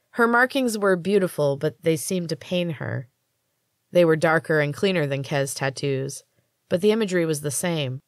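Low-voiced woman narrating a story. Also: no echo, clean studio sound. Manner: calm, measured storytelling. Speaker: podcast host reading her own fiction. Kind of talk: audiobook-style story narration.

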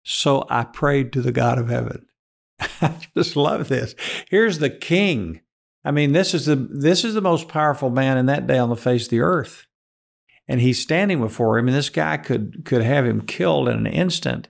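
A man's voice: medium pitch, moderate pace, vocal fry. A man preaching a sermon who earnestly puts direct questions to his listeners.

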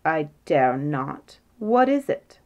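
A patient, fatherly fairytale king who coaxes and questions gently, read out by a woman. The voice drops slightly below the surrounding narration and stays soft and measured. It is an easygoing storybook reading rather than a full performance. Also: low-pitched, very animated, highs cut off, pitched below the performer's own voice, exaggerated voice. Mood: coaxing.

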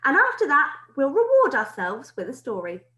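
A woman's voice: high voice, wildly swooping pitch, normal speed, pushed and bright, pitched above the performer's own voice, heavily acted. A woman reading a storybook aloud, voicing a fussy, prim female schoolteacher who chides in a sing-song way. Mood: chiding. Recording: roomy echo.

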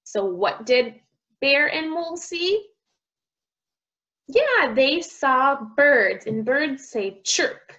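A woman speech teacher reading a picture book aloud to young children, sounding out words slowly and with exaggeration. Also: sits high, very animated, sharp tone, lo-fi sound, soft background music.

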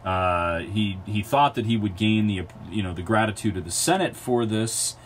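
Lecturer, male, lowish voice, meandering delivery with frequent fillers, recorded lecture with faint hiss. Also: normal speed. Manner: unscripted, many ums and uhs, self-correcting. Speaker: history lecturer.

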